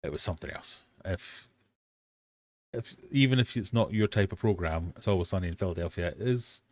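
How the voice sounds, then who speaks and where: A man's voice: low voice, normal speed, no echo. A British man hosting a live-stream quiz from his fish room, reading out questions and chatting with self-mocking dad jokes.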